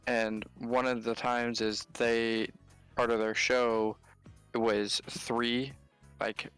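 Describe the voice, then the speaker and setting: A man co-commentating on a game stream, telling a rambling anecdote in a relaxed, casual way. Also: mid-range voice, slow pace, clear, resonant tone, faint music behind. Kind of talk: casual storytelling.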